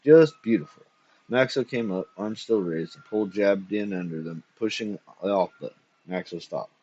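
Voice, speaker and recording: A man giving a dramatic story reading in a steady, measured way with a husky voice. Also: sits low. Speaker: reader. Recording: dull lo-fi recording.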